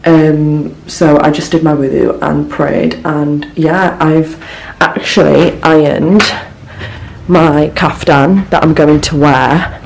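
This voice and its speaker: Young woman vlogger, chatty and emotional, a little gravelly, roomy echo. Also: low voice, steady tone, slow, a little mellow, a little hiss or hum. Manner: chatty, gushing and emotional, lots of fillers. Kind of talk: casual travel vlog chat. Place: hotel room. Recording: echoey room with faint ambience.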